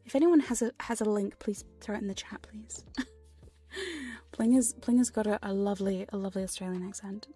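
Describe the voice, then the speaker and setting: A woman streamer talking in a soft, rambling whispered role-play, playful and prone to swearing. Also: medium pitch, moderate pace, slightly rough, faint music behind. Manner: frequent laughs and swearing. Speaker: ASMR streamer. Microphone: binaural ASMR microphone.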